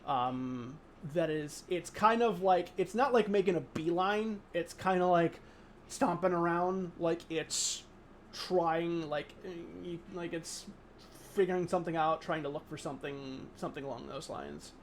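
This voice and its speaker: A man's voice: on the high side, a little slow, slight background noise. A man running a tabletop game as game master, rambling through scene descriptions with many fillers and restarts.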